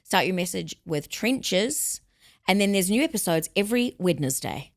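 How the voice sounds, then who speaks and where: A woman's voice: medium pitch, normal speed, gravelly. A woman co-hosting a casual chat podcast, blunt and sweary, acting out little scenes as she talks. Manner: blunt, sweary, animated storytelling. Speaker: podcast co-host.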